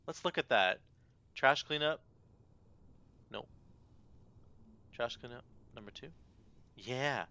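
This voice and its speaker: A man giving excited, self-mocking live commentary while playing a game. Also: medium pitch, slow, long pauses, muffled recording. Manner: animated, exclamatory, self-mocking. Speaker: gaming content creator.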